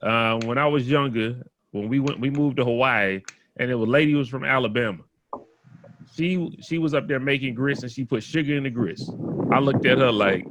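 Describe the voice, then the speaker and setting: A man's voice: medium pitch, fairly quick, a bit bright, slight background noise. A man in casual podcast chat, laid-back and joking, with plenty of slang. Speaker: podcast co-host.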